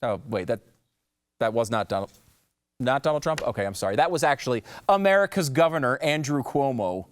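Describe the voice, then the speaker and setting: A man hosting a political commentary show, talking in a mocking, sarcastic way with loud jabs and muttered asides. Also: mid-range voice, expressive, brisk.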